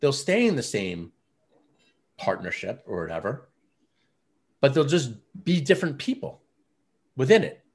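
A man's voice: mid-range voice, huge pitch swings, a little slow, long pauses, slightly rough. A man who runs a men's coaching program, telling stories in a casual interview with lots of fillers. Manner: earnest, storytelling, many fillers like "you know" and "like".

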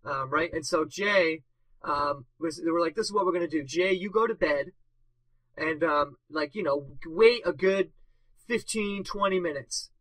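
A young man in his twenties co-hosts a casual podcast, telling rambling, filler-heavy stories and laughing at his own punchlines. His fairly high, fairly bright voice moves at normal speed, with no room sound and poor audio quality.

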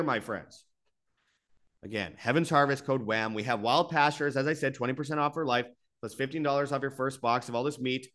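Speaking briskly in a mid-range, fairly bright voice, a man hosting his own alternative media channel delivers a repetitive, exasperated monologue that flares up into bursts time after time. He then reads his sponsor spots.

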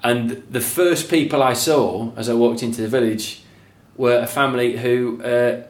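A man's voice: medium pitch, steady tone, normal speed, reverberant. A man telling funny stories about his dog in casual chat, laughing often and swearing freely.

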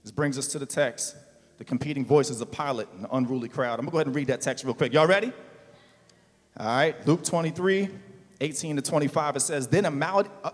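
A male pastor preaching a sermon in a casual, slangy way, building to loud, emphatic calls. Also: fairly high pitch, in a large hall.

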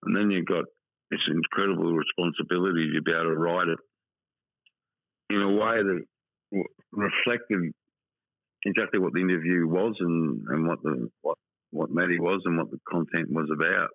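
A man's voice: sits low, normal speed, creaky, no echo, phone-quality sound. A middle-aged Australian man, a football journalist, talking candidly in a casual podcast interview, often repeating himself and restarting.

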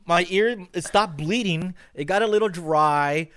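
A man co-hosting a podcast, telling animated stories full of swearing and quick restarts. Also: sits high, clear, resonant tone. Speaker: podcast co-host. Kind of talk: casual chat.

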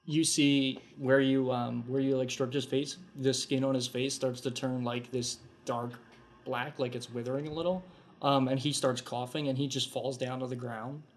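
A man at a medium pitch runs a tabletop game as its game master. He narrates the scene with frequent ums and small restarts. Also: little pitch movement, moderate pace, slight background noise. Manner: hesitant with many ums, voices the kobolds.

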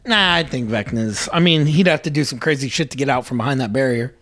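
Excitable young man, swearing freely. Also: mid-range voice, quick pace. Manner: excited, profane, acts out quotes. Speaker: podcast co-host. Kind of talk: casual chat retelling scenes.

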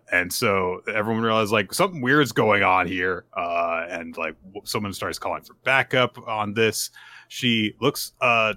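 A man's voice: lowish voice, bright, forceful tone, dry recording. A man co-hosting a podcast, casually recapping manga chapters with dry asides. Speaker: podcast co-host.

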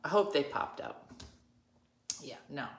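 Middle-aged female host, chatty, lower voice, recorded in an echoey room. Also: takes it slowly. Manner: animated, laughs often, acts out quoted people. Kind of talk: casual storytelling chat. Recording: roomy echo.

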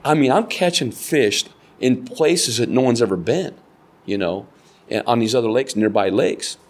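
Animated older man telling fishing stories. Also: fairly low pitch. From United States. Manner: animated storyteller, acts out quoted voices. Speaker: kayak fishing guide. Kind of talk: casual storytelling interview.

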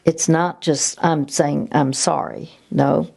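Woman, low gravelly voice, unhurried, gentle faith testimony with halting restarts. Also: steady tone.

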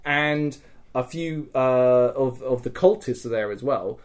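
Male podcast host, mid-pitched, casual storyteller, animated and sweary, always checking in with "right?". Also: takes it slowly, smooth.

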